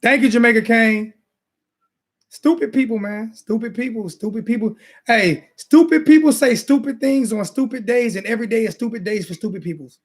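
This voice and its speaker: A man with a high voice rants fired-up about football, repeating himself and calling people names. He speaks in a casual, heated sports-talk style. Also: normal speed. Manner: repetitive, insulting, fired-up ranting. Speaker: sports talk show host.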